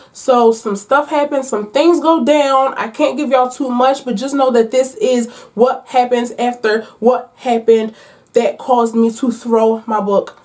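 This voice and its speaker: A woman talks to her viewers about books in a lively, chatty vlog. She uses playful slang and teases her audience. Her voice sits a little higher than most women's. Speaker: book vlogger. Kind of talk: casual chat to viewers. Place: at home.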